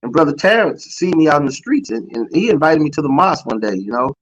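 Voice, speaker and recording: Interview guest, man with a New Orleans accent, fairly high voice, storytelling testimony that acts out quoted voices. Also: sing-song, fast talker, slightly rough, muffled recording. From Louisiana. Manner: storytelling, acting out quoted voices, frequent "man" and "you know". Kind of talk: emotional personal testimony.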